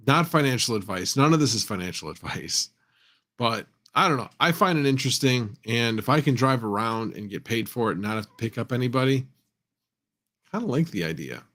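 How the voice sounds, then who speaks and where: A man hosting a casual livestream, thinking out loud and reading viewer comments as he goes. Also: mid-range voice, expressive, moderate pace. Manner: rambling, reads chat aloud, thinks out loud. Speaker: livestream host.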